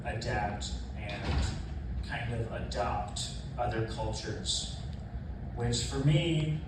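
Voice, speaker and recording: A man's voice: fairly low pitch, takes it slowly, background noise. A young man from Miami doing a stand-up set, telling self-mocking stories in a nasal, nervous way. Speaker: stand-up comedian. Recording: echoey far-off club recording. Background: room ambience.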